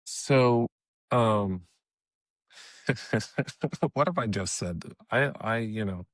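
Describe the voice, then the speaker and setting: A man from California, a guest comedian, chatting casually on a podcast with relaxed, hesitant speech and frequent restarts. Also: on the low side, very slow, no room sound, clean studio sound.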